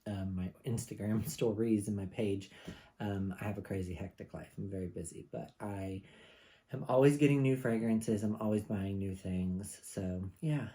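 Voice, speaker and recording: A man's voice: fairly low pitch, steady tone, normal speed, dark tone. A man in his mid-thirties reviewing fragrances in casual, rambling home-studio chat with frequent asides. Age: 30s.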